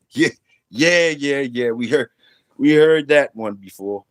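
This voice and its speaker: A man's voice: mid-range voice, takes it slowly, no room sound, clean studio sound. A middle-aged man hosting a casual stream, teasing viewers with profane, laughing banter. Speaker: channel host. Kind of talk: casual livestream chat.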